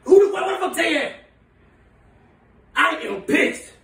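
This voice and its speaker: A man playing a furious, foul-mouthed woman who runs a big city, ranting in shouts and laughter. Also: extremely high pitch, big pitch swings, unhurried, creaky, heavily acted. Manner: shouting, profane, laughing rants. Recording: echoey room, voice from far off.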